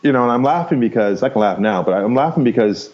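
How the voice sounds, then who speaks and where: Here a podcast guest in his fifties speaks fast at medium pitch, his intonation lively and the recording lo-fi. He wanders candidly through his life's stories, swearing without a second thought and laughing readily.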